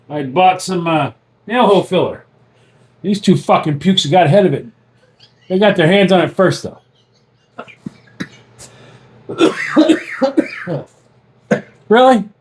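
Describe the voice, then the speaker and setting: A man's voice: high voice, measured pace, pauses often. A man co-hosting a casual chat, telling stories with lots of swearing and laughter. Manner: profane, laughing, animated storytelling. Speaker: podcast co-host. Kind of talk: casual banter.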